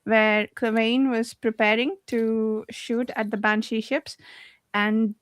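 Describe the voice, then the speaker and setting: A woman leading a casual book club discussion, chatty and quick to laugh, often correcting herself mid-sentence. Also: on the high side, level tone, dry recording.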